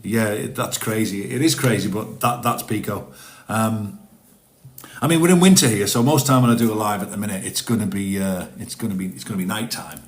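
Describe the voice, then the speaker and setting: A man's voice: on the low side, brisk, echoey room. A man chatting casually on a live stream from his home, rambling and self-deprecating.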